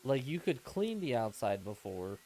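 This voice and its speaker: A man's voice: medium pitch, very animated, moderate pace, dark tone, a little hiss or hum. A man streaming himself playing a game, chatting casually and rambling in answer to his chat. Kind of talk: casual gameplay commentary.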